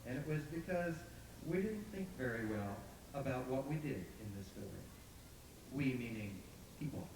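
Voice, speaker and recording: A man's voice: mid-range voice, very animated, brisk. A man telling a story to a live audience in a folksy, conversational way. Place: outdoor park stage. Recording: echoey live outdoor recording from far off with noise.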